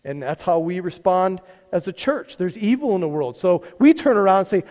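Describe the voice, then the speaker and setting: Man, pastor, sermon, conversational, rhetorical questions, high voice, long church reverb. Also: animated, normal speed, few pauses, darkish tone. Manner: conversational preaching with rhetorical questions and repeated words. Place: church sanctuary.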